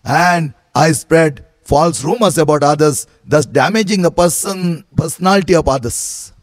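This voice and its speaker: A man's voice: a little high, moderate pace, no room sound, lightly acted. A man voicing an older village gossip woman who pleads, repents and bristles in a told parable. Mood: pleading.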